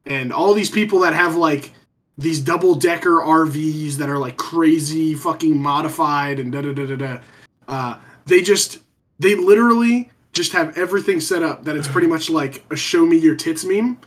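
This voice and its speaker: A man's voice: fairly high pitch, normal speed. A man telling a long rambling story in a casual podcast chat, swearing freely and trailing off with ums.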